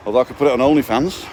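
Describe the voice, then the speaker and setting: Low-voiced man with a cold, joking. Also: a little hiss or hum. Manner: jokey, chatty, punning. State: has a cold. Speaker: live-stream vlogger. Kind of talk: casual live-stream tour. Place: outdoors, walking through a residential complex. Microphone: handheld phone.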